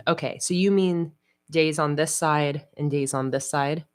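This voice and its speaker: A woman hosting a casual livestream, chatting in a relaxed way with frequent fillers. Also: deep voice, unhurried. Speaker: livestream host. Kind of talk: casual livestream chat while planning.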